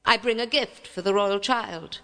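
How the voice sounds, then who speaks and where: A harsh, croaking ancient fairy, bitter and worn out, as a woman reading a storybook puts her on. She speaks in a raised, strained voice. A long reverb trails each word. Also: medium pitch, a little slow, bright, forceful tone, voice pushed up. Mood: stern.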